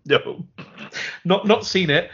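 A man's voice: sits high, slow, a bit bright, slightly rough. A man co-hosting a podcast, chatting casually about films, rambling and laughing often. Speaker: podcast co-host. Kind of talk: casual film chat. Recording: dull lo-fi sound.

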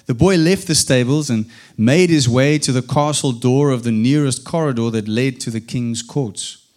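A man telling a storybook tale in a calm, unhurried way. His voice sits at an ordinary male pitch and he now and then restarts a phrase. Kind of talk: storybook narration.

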